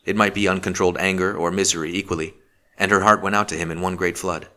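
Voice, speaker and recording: A man reading a novel aloud as an audiobook narrator, measured and steady. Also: sits low. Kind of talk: scripted narration.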